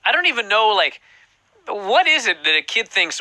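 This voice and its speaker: A man hosting a casual podcast, talking with a very bright, forward tone and lively pitch. He tells stories animatedly, swearing freely. The sound is dry and close. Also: normal speed, no echo, poor audio. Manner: animated, profane storytelling. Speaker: podcast host. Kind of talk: casual chat.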